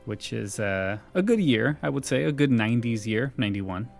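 A man's voice: medium pitch, animated, moderate pace, creaky, darkish tone, faint music behind. A man co-hosting a casual podcast, rambling and self-deprecating. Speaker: podcast co-host. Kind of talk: casual chat.

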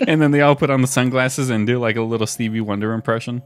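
A man casually retelling a sitcom episode as a podcast co-host, relaxed and chuckling often. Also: mid-range voice, normal speed, soft background music. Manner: relaxed storytelling with frequent laughs and fillers. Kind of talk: casual chat.

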